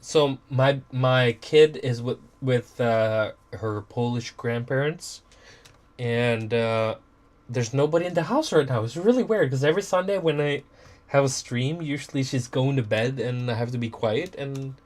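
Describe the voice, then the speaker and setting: A man's voice: mid-range voice, unhurried, a little mellow, a little hiss or hum. Loose, profane man chatting on stream. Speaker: music producer streaming from his studio. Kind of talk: casual live stream chat.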